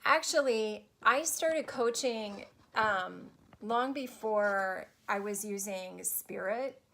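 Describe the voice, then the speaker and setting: Gravelly-voiced lady coach gushing at her live stream viewers, chatty, lots of restarts. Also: medium pitch, slow, bright, forceful tone. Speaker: spiritual life coach.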